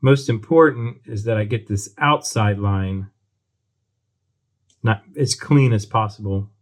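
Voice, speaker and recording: A man's voice: fairly low pitch, takes it slowly. A man casually talking through a model kit build at his workbench, thinking aloud with frequent ums and restarts. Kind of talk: casual build tutorial talk. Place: workbench at home.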